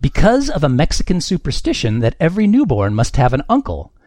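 A man's voice: a little high, huge pitch swings, a little fast, darkish tone, dry recording. A man runs a comedy quiz game on a podcast, his voice swinging widely up and down as he reads scores and answers. His delivery is wry and self-mocking, and the recording is dry and close with no room sound. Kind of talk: casual podcast game hosting.

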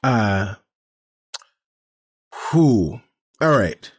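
Man panelist, slow careful talk, hedges a lot. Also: fairly low pitch, big pitch swings, husky. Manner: deliberate, hedging. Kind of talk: casual game chat.

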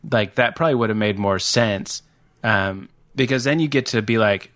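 A man chatting casually as a podcast guest, animated, with many filler likes and playful sound effects. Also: on the low side, normal speed, dry recording, clean studio sound.

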